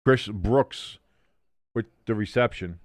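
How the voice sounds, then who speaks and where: A man hosting a live watch-along stream, calling plays casually, reading out chat and cracking jokes with loud excited bursts and swearing. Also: fairly low pitch, slow, dry recording, studio quality. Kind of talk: casual play-by-play commentary.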